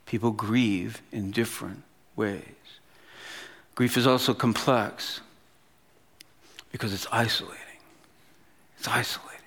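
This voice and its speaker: Male pastor in his fifties; animated, chatty storytelling sermon voice. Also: fairly low pitch, takes it slowly, long pauses. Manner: conversational, animated storytelling with casual asides.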